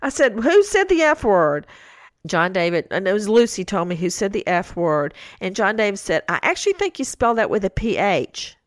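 A middle-aged woman co-hosts an animated true-crime podcast, telling stories and quoting her kids with incredulous outbursts. Her medium-pitched voice is sing-song at a moderate pace, in a dry, studio-quality recording.

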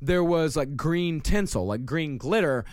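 A man's voice: a little high, expressive, unhurried, no echo, clean studio sound. A man hosting a casual true-crime podcast, laying out the case step by step and swearing freely. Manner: profane, explanatory storytelling. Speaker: podcast host.

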